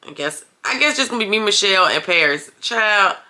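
A woman's voice: mid-range voice, expressive, fairly quick, pushed and bright. A woman vlogging casually to her viewers, chatty and blunt, calling them y'all and cursing when annoyed. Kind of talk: casual vlog talk to camera.

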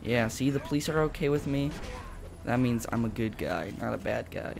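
A man giving chatty, casual and excitable commentary as he plays a video game. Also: mid-range voice, moderate pace, creaky. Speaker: gameplay commentator. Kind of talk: let's play commentary.

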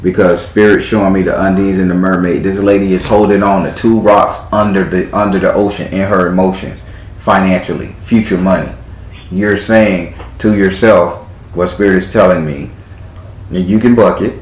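Low-voiced man giving a cheeky tarot reading. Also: steady tone, normal speed, reverberant, rough recording. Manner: theatrical, profane, teasing. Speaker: tarot reader.

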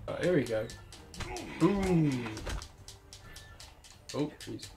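Guy doing jokey sarcastic gameplay commentary, laughs a lot, normal pitch, faint music under him. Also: steady tone, moderate pace. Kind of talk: joking let's-play commentary.

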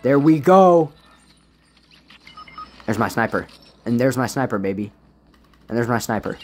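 Excitable gamer guy with a swinging voice. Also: mid-range voice, unhurried, faint music behind. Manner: excitable, swings between muttering and loud frustrated outbursts. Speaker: gaming YouTuber. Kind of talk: casual gameplay commentary.

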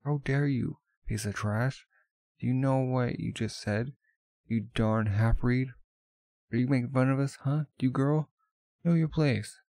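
A man voicing arrogant gods who hurl loud, furious insults in a manga read-aloud. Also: mid-range voice, unhurried, dry recording, voice pushed up, natural voice.

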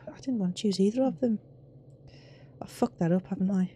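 A woman's voice: mid-range voice, a little fast, pauses often, dark tone, a little hiss or hum. A young woman commentating a game she plays, with jumpy, swearing, exclamatory reactions. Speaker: let's play host.

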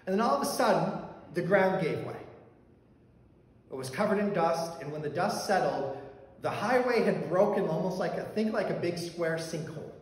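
In a church sanctuary, a male pastor shares a personal story during his sermon, speaking conversationally with fillers and restarts. His voice sits high with lively intonation at a moderate pace, and his handheld or stand mic fell during the talk. The church hall sounds very echoey, with faint background noise.

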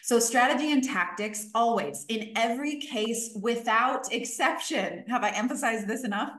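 A woman coach teaching a live online workshop, emphatic and energetic, repeating key points for stress. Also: on the high side, normal speed, echoey room.

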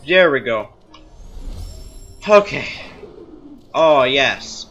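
High, animated young man raging at a game. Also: measured pace, dull audio, faint music behind. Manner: frustrated, self-mocking rants at the game. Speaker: let's play gamer. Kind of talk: casual gameplay commentary.

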